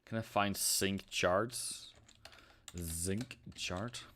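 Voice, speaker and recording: A man's voice: low-pitched, extremely slow, fairly bright tone, a little hiss or hum. Chatty man streaming live trades. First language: Norwegian. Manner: chatty, reads chat aloud, sings snatches. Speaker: forex trading streamer. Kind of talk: casual live-stream commentary.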